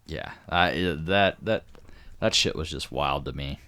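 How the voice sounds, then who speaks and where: A man's voice: a bass voice, a little slow, pushed and bright, clean tone. A man co-hosting a podcast, chatting casually and throwing in teasing, dry quips. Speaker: podcast co-host. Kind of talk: casual chat.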